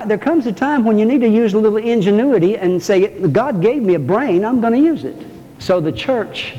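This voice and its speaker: A man's voice: high-pitched, warm tone. A male pastor preaching a sermon in church, folksy and joking, calling out to his congregation. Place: church sanctuary. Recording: muffled, reverberant church recording.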